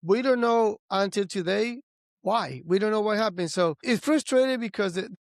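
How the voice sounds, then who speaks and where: A man's voice: sits high, normal speed, dry recording, studio quality. A man hosting a podcast interview, giving earnest, frustrated commentary with small slips and restarts. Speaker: podcast host.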